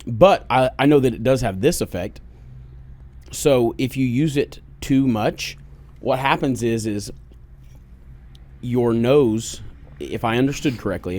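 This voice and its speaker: A man's voice: mid-range voice, darkish tone. A man with an Oklahoma accent co-hosting a casual podcast, blunt and joking, swearing freely at a studio microphone. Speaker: podcast co-host.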